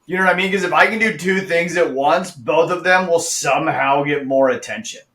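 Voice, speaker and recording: A man's voice: fairly high pitch, bright, forceful tone. A man hosting a casual podcast, blunt and profane, speaking with confidence. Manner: blunt, profane, quick to agree. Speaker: podcast host. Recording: echoey room.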